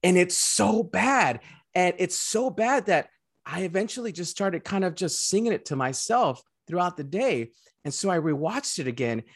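A man's voice: high-pitched, animated, normal speed, breathy edge, dry recording. A young man co-hosts a casual film review chat. He is chatty and laughs often, and his voice rises and falls a lot. The sound is close and dry. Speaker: film review show host.

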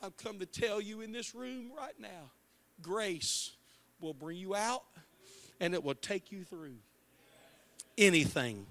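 A male pastor preaching a passionate sermon in a church, moving from hushed words to shouts, with a Midwestern American accent. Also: high voice, lively intonation, takes it slowly. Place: church sanctuary.

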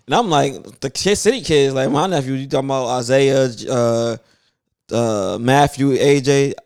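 A man's voice: medium pitch, moderate pace, darkish tone, clean tone, dry recording, studio quality. Brooklyn man with a New York accent. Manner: loose, storytelling, slangy. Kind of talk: casual chat.

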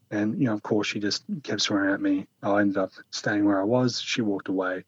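A man speaking as an interview guest, telling a personal story in a calm, earnest, reflective way. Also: fairly low pitch, brisk, hardly any pauses, no echo, dull audio.

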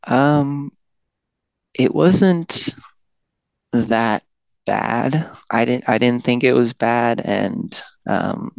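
A man's voice: medium pitch, extremely slow, vocal fry, pauses often, smooth, no echo, lo-fi sound. A young man guest casually telling his own story, laid-back and self-deprecating with many fillers. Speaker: podcast guest.

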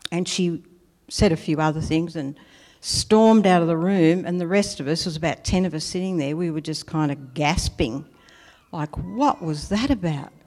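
A woman's voice: deep voice, moderate pace, a little mellow. Aussie woman telling church stories, chatty, lots of reverb from a big hall. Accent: Australian. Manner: chatty anecdotal storytelling, laughs at herself. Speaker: preacher. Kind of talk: personal testimony sermon.

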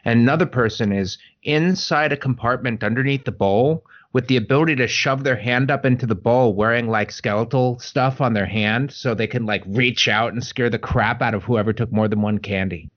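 A man's voice: mid-range voice, moderate pace, hardly any pauses. A man in a casual podcast chat, explaining his ideas earnestly. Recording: dull lo-fi sound.

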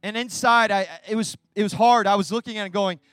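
A young man preaching a sermon as pastor, passionate, swinging from hushed asides to loud, ringing declarations. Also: high-pitched, steady tone, a little fast, clear, resonant tone, dry recording.

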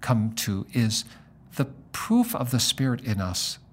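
A middle-aged man, a pastor, talking in a relaxed conversation and telling a story, acting out the lines of the people in it. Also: medium pitch, slow. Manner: animated storyteller acting out dialogue. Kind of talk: conversational storytelling in a podcast interview.

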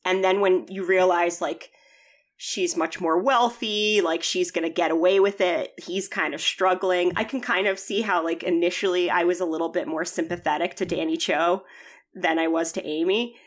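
A woman co-hosting a podcast in casual chat, animated and swearing freely as she acts out quotes with laughter. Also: fairly low pitch, normal speed. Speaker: podcast co-host.

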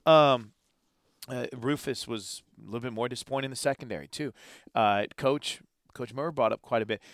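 A man co-hosting a football talk show in an easygoing, conversational way, often tripping over and restarting his sentences. His voice sits at an ordinary pitch, and the recording is close and dry. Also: normal speed, no room sound. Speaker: sports talk host. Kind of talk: casual sports chat.

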